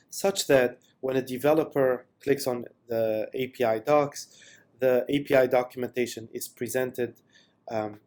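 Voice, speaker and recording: Man narrating a software demo. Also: mid-range voice. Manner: unscripted, many fillers, enthusiastic. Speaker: product presenter.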